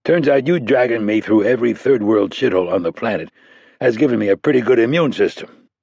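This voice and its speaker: A man's voice: mid-range voice, animated, a little fast, gravelly, darkish tone, slightly rough, no echo. A man playing a wry wounded soldier. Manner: joking, blunt banter. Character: recovering wounded male special-ops soldier, wry.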